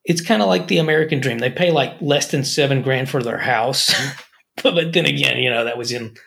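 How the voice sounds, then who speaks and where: Gravelly man telling a story. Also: medium pitch, fairly quick, fairly bright tone. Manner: rambling storyteller, frequent restarts. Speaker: podcast co-host. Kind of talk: casual chat, storytelling.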